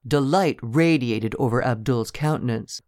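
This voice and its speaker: A man reading a story aloud as narrator, with a measured storytelling delivery. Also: mid-range voice, a little mellow, no room sound, clean studio sound. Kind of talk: audiobook narration.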